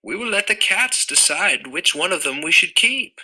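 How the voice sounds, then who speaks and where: A man's voice: high-pitched, lively intonation, normal speed, sharp tone, slightly rough, voice pushed up, heavily acted, poor audio. A man voicing a fretful, very old woman in a storybook reading, exclaiming in dismay.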